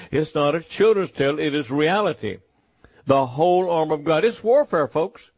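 A man preaching a sermon in a slow, emphatic, repetitive way. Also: a little high, a little mellow, husky, no room sound.

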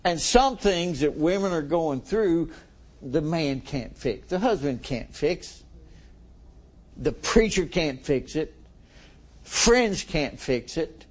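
A man's voice: a little high, lively intonation, slow pace. A middle-aged man preaching a sermon in a folksy way, chuckling with his congregation.

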